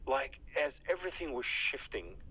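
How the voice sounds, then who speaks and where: A man giving an emotional faith testimony as an interview guest, fervent, with his voice climbing high at its peaks and dropping to a whisper at times. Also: sing-song, moderate pace, bright, forceful tone, rough recording. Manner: drops to a breathy whisper at times.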